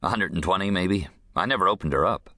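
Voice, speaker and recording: Narrator doing a gruff stiff war vet on parole, curt and dodgy, deep voice, crisp tone. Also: male voice, animated, fast, bright, forceful tone, dry recording, clean studio sound, exaggerated voice. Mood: defensive. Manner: curt, defensive, evasive.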